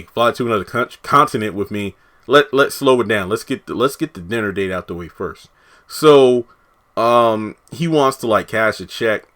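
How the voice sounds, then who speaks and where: A man's voice: lowish voice, pushed and bright. A man, a TV reviewer, casually recapping an episode, rambling and correcting himself as he quotes the characters.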